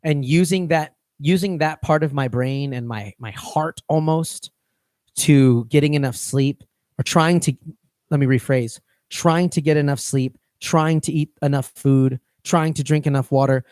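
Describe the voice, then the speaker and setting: A man's voice: a little high, unhurried, darkish tone, no room sound, studio quality. A man co-hosting a fitness coaching podcast, talking casually and rambling, often restarting his phrases.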